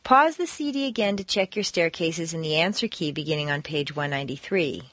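A woman reading scripted audio lesson instructions as an accent training instructor, speaking clearly and deliberately with exaggerated intonation. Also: low-pitched, lively intonation, a bit bright, dry recording.

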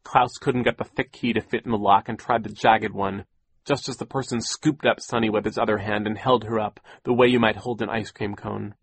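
A man narrating an audiobook in a measured, wry storytelling manner. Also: on the low side, steady tone, slightly rough, no echo. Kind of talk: scripted narration.

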